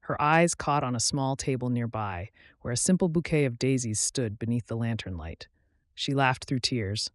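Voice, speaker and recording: A man narrating a romance audiobook in a soft, intimate, unhurried way on a close studio mic. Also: medium pitch, lively intonation, no room sound.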